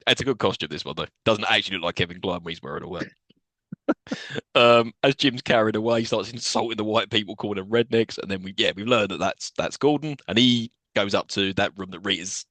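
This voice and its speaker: A lower-pitched man co-hosting a casual podcast, walking through a film's plot scene by scene. He drops sarcastic asides and swears freely. The recording is dry and close, with no room sound. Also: quick pace, fairly bright tone, dry recording. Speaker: podcast co-host. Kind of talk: casual film-recap chat.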